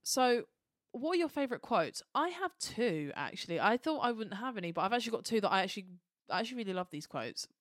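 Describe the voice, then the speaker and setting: A woman's voice: a little high, big pitch swings, fast, no echo, clean studio sound. A woman co-hosting a podcast in casual chat, upbeat and leading the questions. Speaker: podcast co-host.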